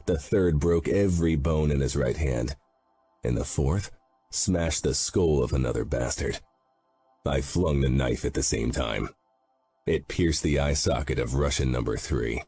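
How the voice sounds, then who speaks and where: A man with an extremely low, dark, husky voice narrates an audiobook in first person. His delivery is grim and brooding, with soft music playing underneath. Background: faint background music.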